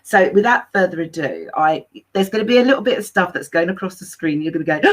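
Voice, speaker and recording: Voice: medium pitch, lively intonation, quick pace. A chatty, effusive host running a live online interview show, rambling a little while introducing the guest. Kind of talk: lively live-stream chat.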